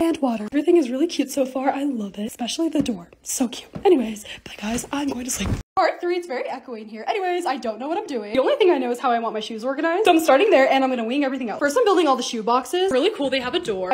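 Bubbly fast-talking young woman vlogger. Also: sits high, background noise. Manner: bubbly, gushing over cute things. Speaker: lifestyle content creator. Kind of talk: casual vlog voice-over.

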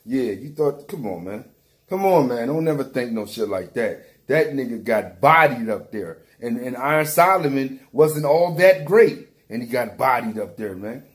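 A battle rap commentator with a mid-range, expressive voice goes on a heated, profane rant at a normal pace. He keeps repeating himself and calls someone out directly.

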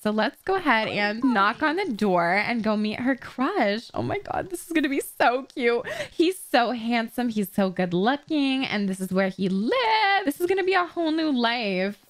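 A woman giving casual let's-play commentary, excitable and gossipy, swearing freely. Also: on the high side. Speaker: gaming YouTuber.

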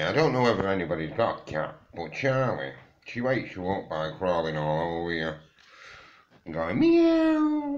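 A drowsy man in his thirties rambles to his audience first thing in the morning. His voice sits low but jumps about a lot as he talks. He calls everyone mate and guys and swears without a second thought. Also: a bit bright, lo-fi sound, a little hiss or hum. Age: 30s. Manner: loose, swearing, slangy, addresses viewers as guys and mate. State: just woken up, sleepy. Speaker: vlogger. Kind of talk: rambling casual morning chat.

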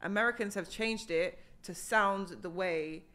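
A woman in a casual chat, calmly explaining in a matter-of-fact way. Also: mid-range voice, unhurried.

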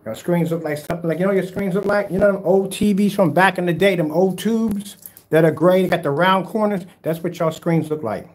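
A man's high, darkish voice moves fairly quickly as he hosts a laid-back livestream for his DIY projector screen paint videos. Reading viewer comments, he teases people brashly, trash-talking them and mock soothing them afterward.

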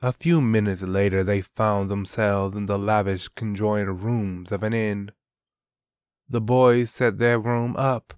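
A man narrating a fantasy novel at an unhurried pace, measured and even. His voice is on the low side and recorded dry and close. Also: clean tone, dry recording. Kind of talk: audiobook narration.

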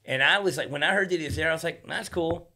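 This man's fairly high, sharp voice comes rapid-fire over slight background noise in a podcast studio. As a casual guest, he swears freely and performs the quotes in his loosely told stories.

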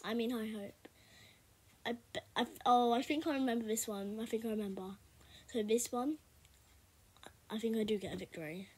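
A young woman chatting casually while she plays a game for her video, rambling and now and then bursting out loudly. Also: a little high, moderate pace, pauses often, breathy edge. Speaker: gaming video creator. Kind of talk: casual gameplay commentary.

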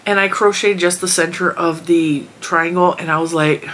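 A woman's voice: low voice, steady tone, normal speed, fairly bright tone, a little hiss or hum. A woman vlogger rambling casually about her week and her crochet projects. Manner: chatty, rambling storytelling. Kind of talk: casual chat.

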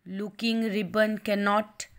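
A woman teacher with an Indian English accent, recorded at home, gives a reading lesson to young pupils. She reads slowly and explains each line in simple words. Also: mid-range voice, level tone.

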